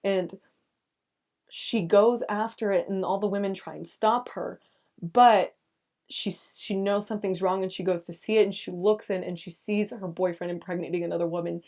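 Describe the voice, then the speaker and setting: A young woman hosting a podcast, recapping a film in casual chat, speaking in halting restarts with nervous laughs as she gets emotional. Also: mid-range voice, steady tone, a little mellow. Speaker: podcast host.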